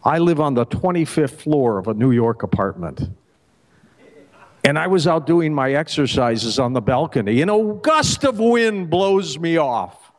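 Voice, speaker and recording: A middle-aged man tells a joke live on a festival stage into a handheld mic. His voice swoops up and down as he acts out each character, and he banters with the crowd in between. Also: a little slow. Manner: animated, acts out the characters with pitch jumps. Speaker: radio host telling a joke on stage. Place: festival stage before an audience.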